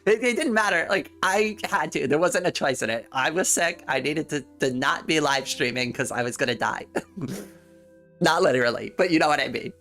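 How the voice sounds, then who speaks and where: Woman streamer, casual chat, bright tone, giggly, faint music behind. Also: low voice, normal speed. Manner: chatty, giggly, talks straight to chat and repeats words while thinking. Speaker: livestreamer.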